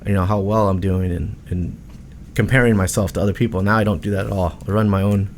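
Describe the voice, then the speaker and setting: Fast-talking earnest man in his forties. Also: low voice, fairly even intonation, slight background noise. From Arizona. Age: 40s. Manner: earnest and heartfelt, quick with many restarts. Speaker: podcast guest, luxury realtor. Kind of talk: casual interview talk.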